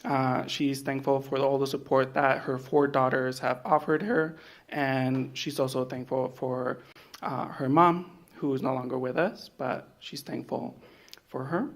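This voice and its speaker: Man, interpreter at a ceremony, steady mid-pitched delivery with uhs. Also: unhurried. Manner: steady, filler uhs between phrases. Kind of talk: summarizing a translation.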